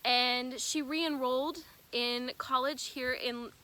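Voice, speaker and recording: A young woman giving a personal testimony in an earnest, halting, emotional way. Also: high voice, steady tone, bright, forceful tone. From United States. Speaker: bereaved sister telling her story.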